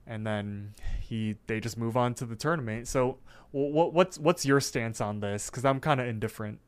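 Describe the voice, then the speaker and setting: A man's voice: mid-range voice, moderate pace, smooth. A man co-hosting a casual podcast, retelling cartoon scenes with lots of fillers. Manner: recaps scenes with many fillers. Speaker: podcast co-host.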